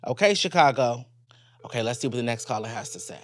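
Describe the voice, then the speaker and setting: A man's voice: medium pitch, animated, quick pace, no echo. A man hosting a podcast in a sassy, blunt and playful casual chat. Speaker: podcast host.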